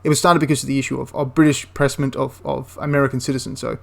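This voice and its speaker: A man's voice: mid-range voice, little pitch movement, fast talker, creaky, a little hiss or hum. A man giving a casual, enthusiastic spoken review of a tabletop wargame, rambling into asides and restarting his sentences.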